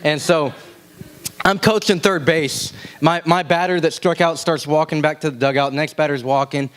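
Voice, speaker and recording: A young man preaching a casual youth sermon, telling stories and acting out shouted quotes in a high voice. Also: fairly even intonation, moderate pace, smooth. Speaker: youth pastor. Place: church youth room.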